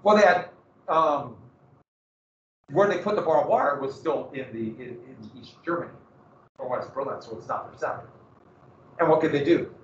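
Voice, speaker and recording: A man giving a history lecture in a lively, conversational way with joking asides. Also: on the high side, slight background noise. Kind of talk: classroom lecture. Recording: echoey room, dull lo-fi sound.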